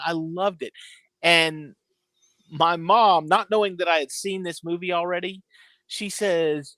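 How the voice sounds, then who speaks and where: A man chatting on a casual podcast, rambling and animated as he spins his stories. His voice sits a little high. The sound is close and dry. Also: unhurried, dry recording. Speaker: podcast co-host. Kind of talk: casual chat.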